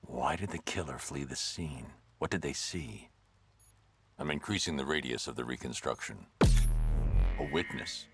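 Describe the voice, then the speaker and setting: An actor playing a brooding masked vigilante detective, speaking in terse, low, deliberate lines. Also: male voice, lively intonation, fairly bright tone, faint music behind, exaggerated voice. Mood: grim. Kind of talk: video game voice acting. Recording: game audio with noise.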